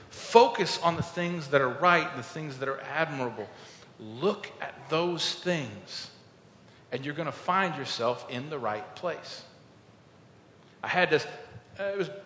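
A man delivers a sermon in an earnest, storytelling way, rising to loud emphasis and sinking to quiet reflection. His mid-pitched voice rings through a large echoey hall. A faint rumble sits under the recording. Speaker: pastor.

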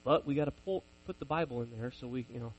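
A man's voice: mid-range voice, fast talker, highs cut off. Self-mocking preacher man telling stories. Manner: conversational, self-deprecating storytelling. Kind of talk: sermon with personal stories.

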